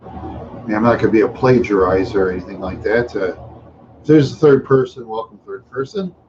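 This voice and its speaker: A man's voice: on the low side, fairly quick, muffled recording, background noise. A tired, yawning man hosting a casual livestream chat, rambling along with many fillers and trailing asides. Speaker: livestream host.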